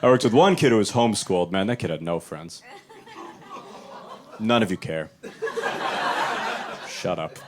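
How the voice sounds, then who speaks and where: A young adult man doing stand-up in a small club, his fairly low voice swinging widely in pitch as he talks. The delivery is loose and conversational, and he jumps into exaggerated voices for the people in his stories. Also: animated, measured pace, long pauses. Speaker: stand-up comedian. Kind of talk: live stand-up set. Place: small club stage with live audience.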